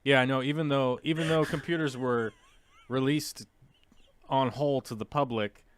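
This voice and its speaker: A man hosting a casual live talk show, rambling and animated with mocking asides. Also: mid-range voice, normal speed, a little hiss or hum. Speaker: podcast host.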